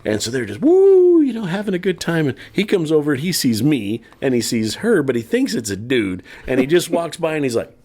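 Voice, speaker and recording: A man co-hosting a podcast, telling a story in a casual, animated way with laughter. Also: on the high side, a little fast, hardly any pauses. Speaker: podcast co-host.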